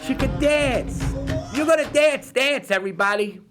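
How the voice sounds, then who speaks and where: A man with a New York accent hosting a live local-TV football picks show, rambling and jokey with sudden bursts of excitement. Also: very high-pitched, moderate pace, over music. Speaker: TV host. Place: community TV studio.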